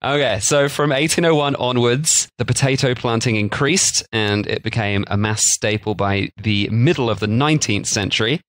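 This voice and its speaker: A man talks through food history on a casual podcast, jokey and rambling. His voice sits at a medium pitch. The recording is dry and close. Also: normal speed, few pauses, fairly bright tone, dry recording. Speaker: podcast co-host.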